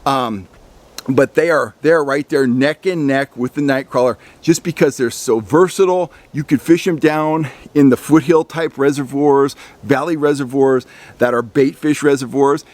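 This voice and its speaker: A man's voice: medium pitch, normal speed, a little mellow, no echo. A middle-aged man hosting a fishing channel, giving a folksy, loosely paced lesson and often repeating words as he thinks. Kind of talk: instructional talk to camera.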